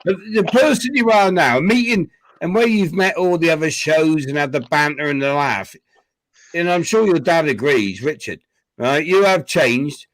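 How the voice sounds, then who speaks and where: Man, slightly high pitch, jokey ribbing banter, dry close sound. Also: lively intonation, moderate pace, dry recording, poor audio. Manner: joking, ribbing banter mixed with praise. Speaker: guest on a live watchalong stream. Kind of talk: casual teasing chat.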